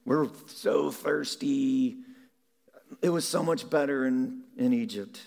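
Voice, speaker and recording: A man's voice: medium pitch, takes it slowly, gravelly, darkish tone, pitched above the performer's own voice. A thirsty wandering crowd whines and grumbles in overblown complaint, as a man puts it on. The voice rises into a pleading, exaggerated moan. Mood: whiny.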